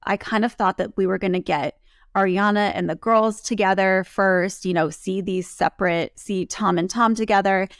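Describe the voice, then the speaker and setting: Woman with a gravelly, chatty voice. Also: mid-range voice, moderate pace, dry recording, studio quality. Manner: chatty, quotes others in lively bursts. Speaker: recap co-host. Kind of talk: casual recap chat.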